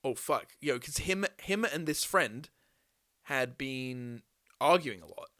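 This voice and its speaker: A man's voice: mid-range voice, slow pace. A young man, a podcast host telling a story in casual chat, swearing often and acting out what people said. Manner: animated storyteller, swears a lot, acts out voices.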